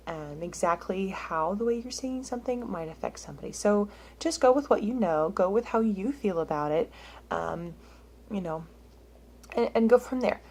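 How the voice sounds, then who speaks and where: Woman in her thirties, casual teacher, mid pitch, lots of ums, okay-checks. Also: darkish tone. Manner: chatty, many "um"s and "okay?" check-ins; slows down and drops to a whisper when reading scripture aloud. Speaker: music teacher. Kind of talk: casual instructional talk.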